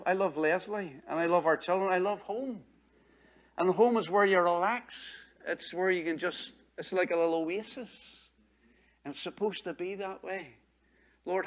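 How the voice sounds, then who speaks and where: A middle-aged man preaching to his congregation, his voice sitting a little higher than most men's. He talks in a plain, conversational way, often repeating a phrase before he finishes it. He throws in rhetorical questions as he goes. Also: highs cut off. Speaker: pastor. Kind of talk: sermon.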